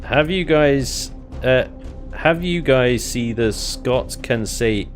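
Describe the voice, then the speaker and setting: A man's voice: medium pitch, slow pace, faint music behind. A man chatting casually while live-streaming a building game, thinking aloud and chuckling often.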